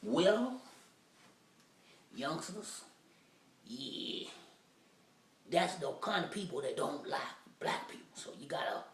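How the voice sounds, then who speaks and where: A man's voice: fairly high pitch, animated, slow pace, pauses often, pitched above the performer's own voice. Man playing a patient old man advising youngsters. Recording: roomy echo, mic far off.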